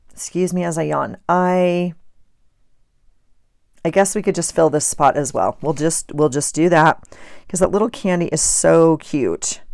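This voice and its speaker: A middle-aged woman talks casually as she crafts, rambling and amused at herself. Her voice sits a little low with a gravelly edge, and the sound is close and dry. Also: darkish tone, dry recording. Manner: chatty, rambling, self-amused. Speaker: journaling vlogger. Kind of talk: casual chat while crafting.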